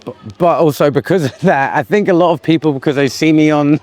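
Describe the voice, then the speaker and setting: Man, chatty expat guest, bit high, dry close sound. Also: darkish tone, no room sound. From United Kingdom. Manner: easygoing, chatty, quick to laugh. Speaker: guest, expat business owner. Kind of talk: casual interview chat.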